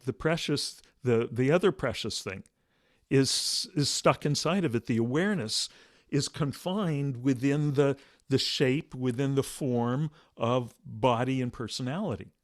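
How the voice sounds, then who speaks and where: Soft-spoken reflective male meditation teacher. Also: mid-range voice, measured pace, dry recording, clean studio sound. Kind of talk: meditation discussion talk.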